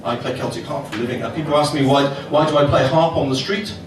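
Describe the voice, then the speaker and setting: A man's voice: medium pitch, fairly even intonation, quick pace. A middle-aged man hosting a comedy club night, working the crowd in a cheeky, swearing stand-up manner. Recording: echoey club from far off, noisy.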